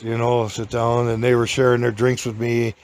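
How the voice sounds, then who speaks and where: A man with a gravelly, creaky voice tells a rambling, folksy anecdote. He chuckles often and drifts from one tale to the next in a loose, homespun way. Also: mid-range voice, monotone, normal speed, noisy background. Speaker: podcast host and storyteller.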